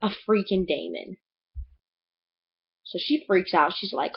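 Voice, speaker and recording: A woman's voice: mid-range voice, brisk, slightly rough, muffled recording. A young woman in a casual book review vlog, chattily retelling a plot with lots of "like". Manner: gushing, chatty retelling with many "like"s.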